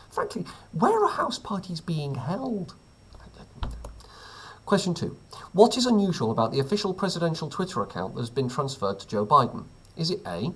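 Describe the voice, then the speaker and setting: A man's voice: medium pitch, breathy edge. A man who teaches, reading out a weekly quiz at home with dry, offhand jokes between the questions. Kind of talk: casual quiz reading with asides.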